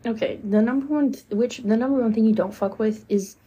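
A woman's voice: a little high, fairly quick, mellow, husky, highs cut off. A woman co-hosting a casual chat, talking bluntly and emphatically with heavy swearing as she tells her own stories. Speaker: podcast co-host.

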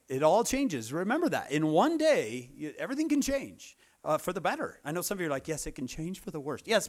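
A man giving a humorous sermon, telling a story and acting out the characters' lines. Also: a little high. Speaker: speaker at a church meeting.

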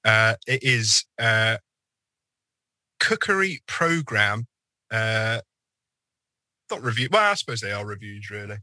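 A man's voice: lowish voice, sing-song, slow, long pauses, pushed and bright, no room sound. A man co-hosting a podcast in casual chat, answering with short, dry quips. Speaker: podcast co-host.

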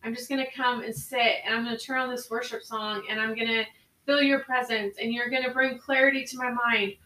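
A woman with a bright, fairly high voice talks and prays with earnest conviction, circling back over her phrases as she goes. She sits a little away from the mic in a room that rings with echo. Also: fairly even intonation, brisk, distant mic. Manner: earnest, prayerful, repeats phrases. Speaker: podcast co-host. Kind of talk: spoken prayer and devotional talk.

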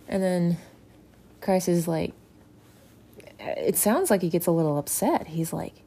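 A woman's voice: on the low side, a little slow, gravelly, dark tone, slightly rough. A young adult woman reflecting casually on a Bible story, rambling and informal with many "you know" and "like" fillers.

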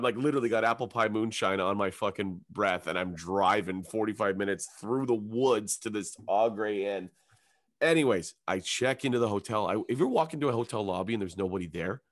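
Swearing, animated male comedian telling a story. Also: fairly low pitch, no echo, clean studio sound. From Canada. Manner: animated, acts out other people's lines in raised voices, swears often. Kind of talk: casual storytelling anecdote.

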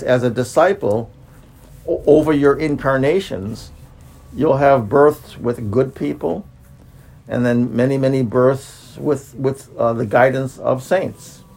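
In a rough recording, a man with a medium-pitched, darkish voice talks off the cuff as a spiritual teacher. He repeats himself, keeps restarting phrases, and stretches his words out.

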